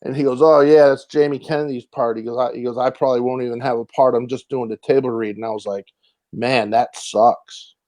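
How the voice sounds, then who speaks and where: A man's voice: mid-range voice, fairly even intonation, quick pace, hardly any pauses, a little mellow, no room sound. A man guesting on an interview show, telling rambling stories with many fillers and restarts and acting out the voices of people he quotes. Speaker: actor and comedian guest. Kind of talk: casual interview storytelling.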